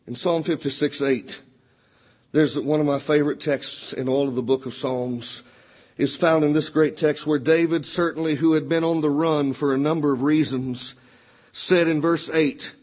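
A man with a fairly high, husky voice delivers a sermon. He climbs in pitch when quoting scripture and sinks low and quiet when he turns personal. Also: steady tone, moderate pace. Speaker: preacher.

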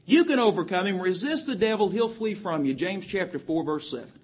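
In a high, expressive, husky voice, a man preaches to a young audience. He rapidly and emphatically cites verses and reads scripture in old-fashioned King James style.

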